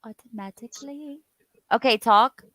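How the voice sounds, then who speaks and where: A woman's voice: on the high side, normal speed, a bit bright, dry recording, poor audio. A woman hosting a casual live-stream chat, talking playfully and laughing often.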